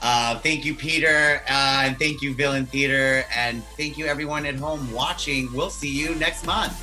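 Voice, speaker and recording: A man hosting an online comedy show, briskly thanking the comedian and signing off. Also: medium pitch, steady tone, over music. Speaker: show host. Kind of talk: casual host wrap-up.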